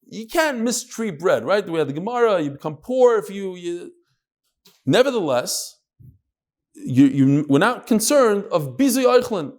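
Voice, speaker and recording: A man's voice: high-pitched, sing-song, a little slow, a little mellow. Chatty man teaching a Talmud class. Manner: chatty, joking asides between text readings. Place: classroom with live audience.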